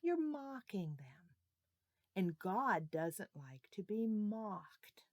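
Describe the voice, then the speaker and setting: A woman teaching a children's Sunday school lesson, talking slowly and playfully, coaxing the kids to repeat after her. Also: mid-range voice, very animated, darkish tone, no room sound, studio quality.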